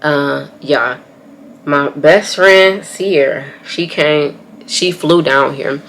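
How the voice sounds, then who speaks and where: A woman's voice: deep voice, drawn-out words, a bit bright, slight background noise. A young woman with an African American English accent telling a story time to her viewers while doing her makeup, talking casually to them as y'all. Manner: chatty, talks straight to viewers as y'all. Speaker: beauty vlogger telling a story. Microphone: camera on tripod.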